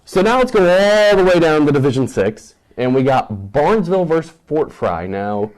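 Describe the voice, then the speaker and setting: A man's voice: fairly high pitch, big pitch swings, normal speed, darkish tone, low-quality recording. Male host, casual sports talk, confident game picks. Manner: rattles off matchups and confident picks.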